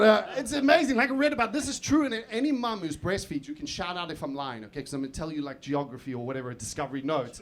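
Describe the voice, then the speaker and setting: A man doing live stand-up on a comedy club stage, swinging from muttered asides to shouted outbursts. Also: sits high. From South Africa. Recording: live club recording with crowd laughter. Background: audience laughter.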